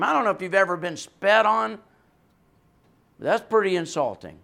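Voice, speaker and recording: A man preaching a sermon with a voice that carries, swinging from hushed, quiet passages to loud, emphatic ones. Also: high voice, lively intonation, normal speed, gravelly, pauses often.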